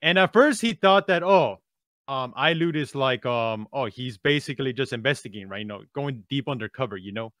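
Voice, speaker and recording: A man co-hosting a podcast, telling a story in an animated way and often checking in with "right?". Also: mid-range voice, brisk, hardly any pauses, dry recording, clean studio sound. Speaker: podcast co-host. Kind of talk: casual podcast discussion.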